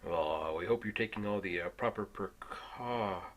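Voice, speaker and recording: A man's voice: on the low side, normal speed, fairly bright tone, a little hiss or hum, lightly acted. A man voicing a suspicious male state trooper who drawls and hesitates with his questions.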